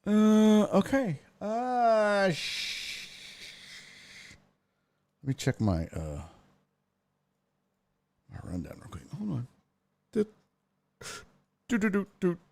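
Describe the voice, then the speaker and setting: Animated, slow-talking streamer guy. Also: sits high, creaky, slight background noise. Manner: profane, ranting, animated. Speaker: streaming sports show host. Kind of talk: casual live-stream chat.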